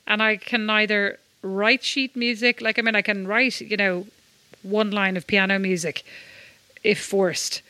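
A woman's voice: mid-range voice, steady tone, unhurried, pushed and bright, no room sound. An Irish woman co-hosting a podcast, chatting casually and telling rambling, self-mocking stories. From Ireland. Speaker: podcast co-host. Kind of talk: casual chat.

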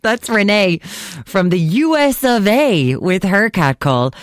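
A woman's voice: mid-range voice, expressive, slow, no room sound, studio quality. An Irish woman hosting a radio show, chatting playfully and laughing easily. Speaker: radio host. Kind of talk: casual radio chat.

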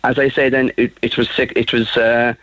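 A man, telling a personal story as a radio guest in a halting way, with many fillers and restarts. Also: mid-range voice, flat delivery, a bit bright, no room sound. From Ireland. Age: 40s. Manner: halting, full of fillers and restarts, laughs often. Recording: slightly muffled radio audio.

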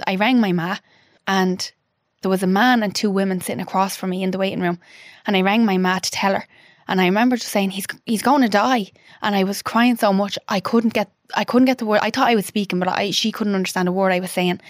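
A woman in her thirties, a podcast guest telling an emotional personal story. She talks haltingly, with restarts and quoted dialogue. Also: medium pitch, no room sound, clean studio sound.

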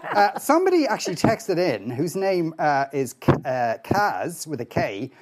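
A man's voice: fairly high pitch, very animated, normal speed. A man hosting a radio talk show, hesitant with many fillers and a dry wit.

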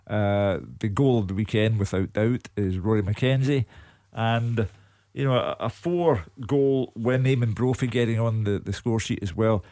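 A Scottish man giving football analysis as a radio pundit, opinionated and measured. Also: on the low side, dark tone, no echo. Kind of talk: casual radio sports chat.

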